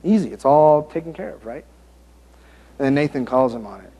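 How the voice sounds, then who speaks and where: Animated male preacher telling a story. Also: mid-range voice, a little fast, breathy edge. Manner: animated storytelling, acting out the scenes; joking and self-interrupting. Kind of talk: sermon.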